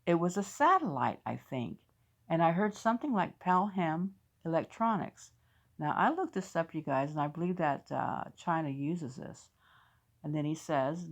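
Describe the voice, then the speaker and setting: A woman's voice: low-pitched, lively intonation, moderate pace. A woman from the United States hosts a faith channel and chats casually while reading out viewers' dreams, talking straight to her audience. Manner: chatty, talks straight to viewers. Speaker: host of a faith video channel.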